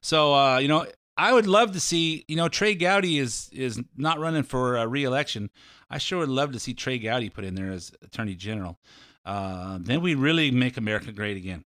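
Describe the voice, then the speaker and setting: Male talk show host, mid pitch, rambling and opinionated, dry close sound. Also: expressive, a little fast, a bit bright, no room sound. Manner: rambling, opinionated, many fillers. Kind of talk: opinionated talk radio commentary.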